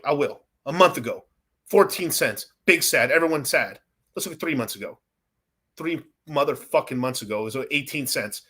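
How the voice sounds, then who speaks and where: A man's voice: on the high side, animated, moderate pace, sharp tone, slightly rough. A man streaming about crypto, talking to his chat in a profane, exasperated, rambling rant.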